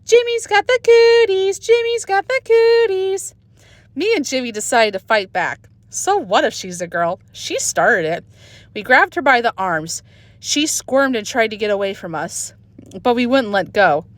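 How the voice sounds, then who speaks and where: A woman's voice: medium pitch, normal speed, no echo. A woman reading a children's book aloud expressively, recorded on a phone. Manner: expressive storytelling. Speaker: reader.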